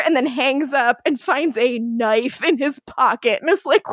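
A woman's voice: sits high, measured pace, few pauses, a bit bright, dry recording. A young woman co-hosting a podcast, casually recapping a TV episode, laughing often and acting out the characters' lines. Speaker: podcast co-host.

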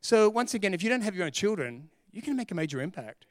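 A middle-aged man, preaching a sermon as pastor in an energetic, joking, emphatic way. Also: high voice, fast talker, no room sound, studio quality.

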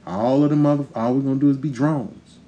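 A man's voice: medium pitch, fairly even intonation, a little fast, mellow, muffled recording. A man hosting a podcast, delivering a heated, profane, emphatic rant straight to his listeners. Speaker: podcast host. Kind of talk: ranting monologue.

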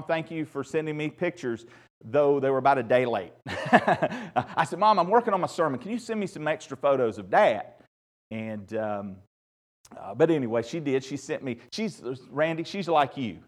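A male pastor opening his sermon at a church service by telling dad jokes, laughing at his own punchlines and turning soft and tender when he speaks of his late father. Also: mid-range voice. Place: church service with a live congregation.

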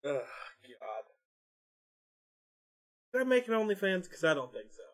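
Young streamer guy, a bit higher voice, blunt and sweary, ranting casually. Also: big pitch swings, rapid-fire. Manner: blunt, swears freely, rants about pet peeves. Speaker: podcast co-host, streamer. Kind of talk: casual chat.

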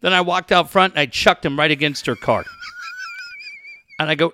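A man co-hosting a radio show, trading crude, comic banter and reading live ads, often breaking into shouted rants. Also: on the high side, moderate pace, a little hiss or hum. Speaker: radio co-host. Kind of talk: profane comedic banter with live ad reads.

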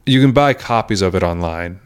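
A young man co-hosts a podcast in loose, casual conversation. His voice sits a little low, and he rambles from joke to joke, laughing easily as he goes. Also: lively intonation, clean tone. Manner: joking, rambling, quick to laugh. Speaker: podcast co-host. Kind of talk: casual chat.

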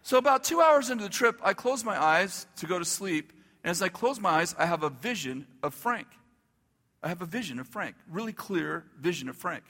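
Telling a story during a sermon, a male pastor gets animated, acting out the dialogue and laughing along the way. His voice is high-pitched, and the recording carries a big-room sound.

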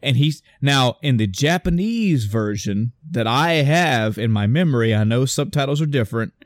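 A man's voice: mid-range voice, moderate pace, no echo. Chatty man, dry close sound. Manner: rambling, animated storytelling with many restarts. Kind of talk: casual chat.

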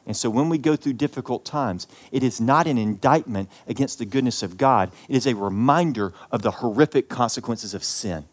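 Southern male pastor, impassioned sermon, loud peaks dropping to quiet lines. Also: medium pitch, a little fast, few pauses. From American South. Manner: impassioned preaching with big swings in loudness.

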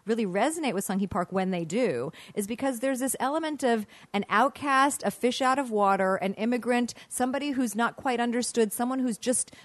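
A woman talking emphatically in an interview conversation, animated as she explains and tells stories. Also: fairly high pitch, brisk, few pauses, no echo. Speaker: comedian guest.

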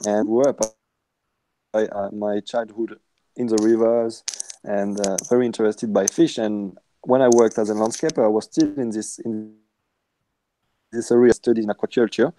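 French-accented man, soft and low. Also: steady tone, slight background noise, rough recording. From France. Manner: halting, searching for English words. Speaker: guest. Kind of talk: casual interview.

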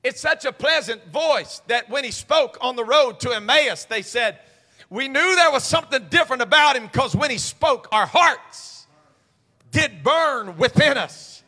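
A man preaching a sermon as pastor at a midweek church service, moving between quiet stretches and shouted, sing-song preaching cadence. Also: very high voice, animated, a little slow, in a large hall. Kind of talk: pentecostal-style preaching sermon.

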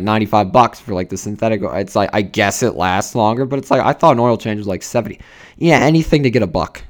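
A young man, ranting casually and profanely, full of fillers and rambling asides. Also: low voice. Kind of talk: casual rant.

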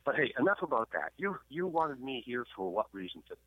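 A man's voice: medium pitch, sing-song, fast talker, no echo. A man with a Canadian accent, a guest pastor and historian, telling stories in a sermon-like way with stammered repeats. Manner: stammering repeats, preachy emphasis. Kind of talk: radio interview, sermon-like storytelling. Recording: tinny phone line, dry.

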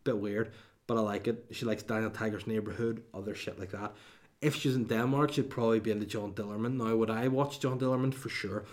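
A man's voice: on the low side, fairly even intonation, a little fast, a little mellow. A man, hosting a comedy podcast in a rambling, sweary monologue with mock outrage and lots of restarts.

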